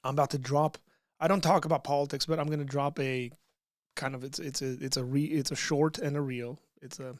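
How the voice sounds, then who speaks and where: A man's voice: mid-range voice, steady tone, brisk, no room sound, clean studio sound. A man hosting a casual livestream, reading out chat questions and answering them in a loose, conversational way with frequent restarts.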